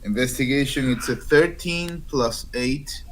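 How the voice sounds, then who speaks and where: A man's voice: mid-range voice, unhurried, slight background noise, rough recording. Hesitant male tabletop player. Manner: hesitant, restarts often. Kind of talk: casual game talk.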